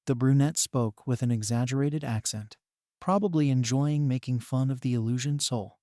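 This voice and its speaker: A man reading a fan fiction story aloud as narrator, in an even, steady manner. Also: mid-range voice, normal speed, no room sound, clean studio sound.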